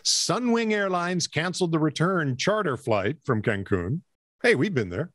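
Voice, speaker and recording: A man's voice: a little high, big pitch swings, measured pace, fairly bright tone, no echo, clean studio sound. A man co-hosting a casual comedic news podcast, reading stories aloud, laughing easily and trading quips. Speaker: podcast co-host.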